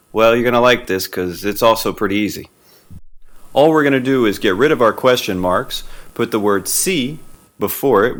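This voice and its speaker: A man teaching a beginner Spanish lesson in a friendly, patient way, slowing down for example phrases. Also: on the low side.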